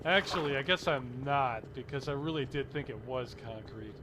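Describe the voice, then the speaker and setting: A man giving sarcastic let's play commentary, with deadpan asides that burst into yelling. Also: medium pitch, moderate pace, background noise. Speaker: gamer. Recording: game gunfire behind voice.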